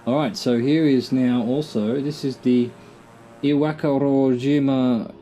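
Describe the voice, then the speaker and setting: A middle-aged man with an Australian accent talks his way through a game, half muttering to himself and dropping dry, self-deprecating jokes. His voice is mellow and soft-edged, at a middling pitch for a man. A faint hiss sits under the recording. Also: fairly even intonation, a little slow. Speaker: gamer. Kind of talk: casual gameplay commentary.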